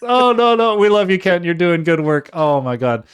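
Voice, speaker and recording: A man hosting a live music stream, with a voice a bit higher than most men's. He talks in an upbeat, jokey way and laughs often. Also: very animated, normal speed, clear, resonant tone. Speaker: livestream host. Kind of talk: casual live show hosting.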